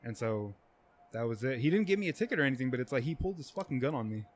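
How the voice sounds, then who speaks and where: A man's voice: medium pitch, sing-song, very fast, a little hiss or hum. A young man telling casual stories on a podcast, rambling with lots of fillers and swearing. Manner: rambling, profane, many fillers. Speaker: podcast guest. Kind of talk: casual storytelling.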